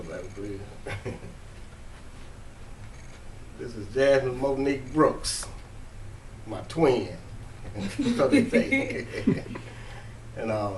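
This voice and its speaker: A man's voice: medium pitch, a little hiss or hum. Chuckling grandfather introducing his family. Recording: echoey, from far off.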